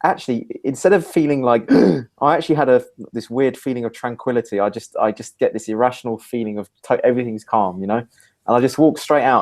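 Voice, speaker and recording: A man, hosting a talk show and telling a lively personal story in casual conversation. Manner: animated storyteller, rising pitch when acting out his own quoted lines. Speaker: podcast host.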